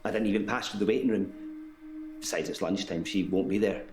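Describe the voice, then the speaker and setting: An actor playing a detached male patient in a full-motion video game, with an even, measured delivery. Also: deep voice, background noise, lightly acted. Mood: flat, detached. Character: calm, detached British male patient who walks through doors.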